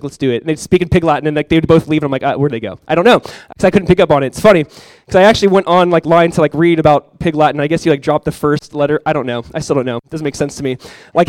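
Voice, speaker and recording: A young adult man preaching a sermon as pastor, casual and chatty with many fillers, praying softly and slowly at times. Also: fairly high pitch, no room sound. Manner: soft, slow prayer.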